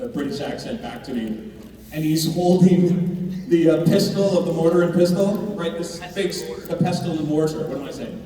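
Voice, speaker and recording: Brief: man, mellow and slightly high voice, rambling panel storyteller, heard from far off in a big echoing hall. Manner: rambling, many restarts and fillers. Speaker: actor on a fan convention panel. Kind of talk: casual anecdote on stage. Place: large convention hall.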